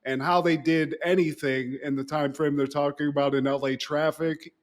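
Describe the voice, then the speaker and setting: Guy on a podcast, slightly high voice, retelling the plot, doing the characters, cussing a lot. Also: moderate pace. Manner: animated, acts out quoted lines with profanity. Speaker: podcast co-host. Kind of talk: casual recap chat.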